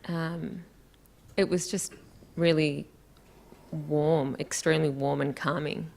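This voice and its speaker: Low gravelly woman, hesitant. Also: steady tone, takes it slowly. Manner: hesitant, soft-spoken. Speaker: workshop volunteer.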